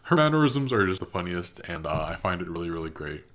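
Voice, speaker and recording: A man's voice: sits low, flat delivery, fast, sharp tone. A man hosting a reaction video, giving casual, thoughtful commentary and analysing what he has watched.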